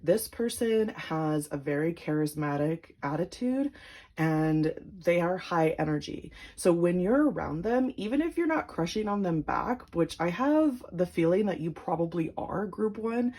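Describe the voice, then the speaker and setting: A woman's voice: fairly low pitch, animated, measured pace, darkish tone. A young woman giving a casual, upbeat tarot reading, chatty and giggly, with lots of fillers. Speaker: tarot reader.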